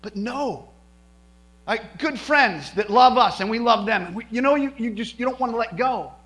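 A middle-aged male pastor telling a personal story in a sermon, animated, with many restarts. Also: very high-pitched, moderate pace, poor audio. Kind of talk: sermon testimony.

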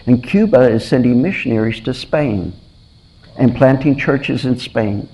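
A man's voice: medium pitch, unhurried, poor audio. A man preaching a sermon, telling stories with energy and acting out the lines of the people in them, often repeating his words. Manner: animated storytelling, acts out voices, repeats himself.

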